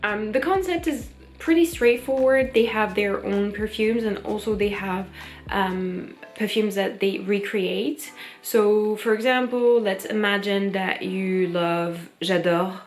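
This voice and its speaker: A woman's voice: medium pitch, steady tone, takes it slowly, faint music behind. A woman with a French accent, a French native speaker, chatting casually in a vlog with frequent ums. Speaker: vlogger. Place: London.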